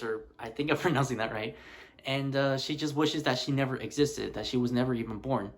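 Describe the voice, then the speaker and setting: A man's voice: fairly high pitch, fairly bright tone. A man casually reviewing horror films in a chatty, loose vlog style full of "like" fillers. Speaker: movie reviewer.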